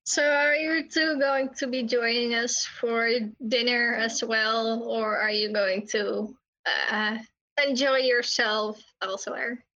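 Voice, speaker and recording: A woman's voice: fairly high pitch, fairly even intonation, slow, pushed and bright. Wry woman player on a dull mic. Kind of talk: tabletop game chat.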